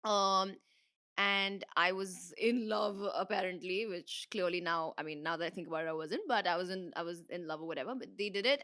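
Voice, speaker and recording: Bright-voiced Indian woman, giggly guest. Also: on the low side. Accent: Indian English. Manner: giggly, animated, full of fillers and restarts. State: hoarse throat. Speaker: interview guest, dancer and creator. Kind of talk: casual rapid-fire interview chat.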